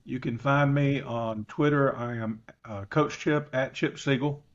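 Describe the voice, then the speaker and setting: A man's voice: medium pitch, fairly even intonation, unhurried, muffled recording. A man from the Southern United States with a Southern accent, a football coach guest talking in a folksy, self-deprecating way. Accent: Southern American. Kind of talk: casual podcast chat.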